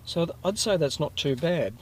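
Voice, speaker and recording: A man's voice: on the high side, animated, moderate pace. An Australian man hosting a casual food review video, chatting to his viewers in a rambling way and correcting himself as he goes.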